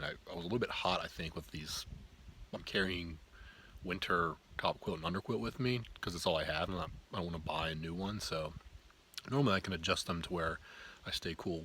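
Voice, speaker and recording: A man vlogging casually outdoors on a backpacking trip, relaxed and rambling with fillers. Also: low-pitched, a little hiss or hum. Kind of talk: casual trail vlog. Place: outdoors in the woods on a trail.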